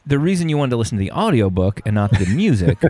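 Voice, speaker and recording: A man's voice: medium pitch, big pitch swings, fast, mellow, dry recording. A man casually chatting as a podcast host, rambling with many fillers and restarts. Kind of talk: casual chat about music.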